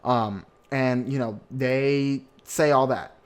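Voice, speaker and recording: A man's voice: medium pitch, slow, smooth. A young man hosting a casual podcast, chatty and campy, who slips into put-on voices to quote people. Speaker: podcast host.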